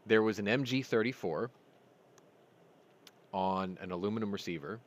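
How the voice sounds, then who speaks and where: Rambling low-voiced man chatting casually. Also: moderate pace. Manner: rambling, joking, laughs at his own stories. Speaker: host. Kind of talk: casual live-stream chat.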